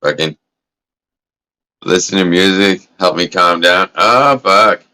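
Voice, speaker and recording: Low-voiced but bright in tone, a laid-back livestream host swears freely and takes his time in a casual chat from an indoor grow setup. He rambles loosely and coughs occasionally from smoking, all captured on a low-quality recording.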